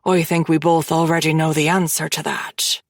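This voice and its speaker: A woman voicing a cold, dangerous mafia man who speaks calmly and conversationally, with quiet menace in an audiobook. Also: low-pitched, normal speed, dry recording, clean studio sound, pitched below the performer's own voice. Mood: coldly persuasive. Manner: calm, conversational, quietly threatening.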